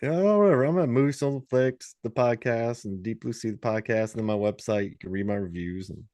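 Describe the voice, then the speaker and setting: A man's voice: medium pitch, a little fast, a little mellow, dry recording. A man guesting on a podcast in a casual chat, joking around and trying out silly phrases. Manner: playful, jokey, tries out silly phrases.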